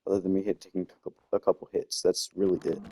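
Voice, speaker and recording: Deep, dark-toned and monotone, this young gamer rattles off a rambling personal story at rapid-fire speed, repeatedly breaking off for asides about what he's finding in the game. It's casual storytelling recorded on a desktop microphone.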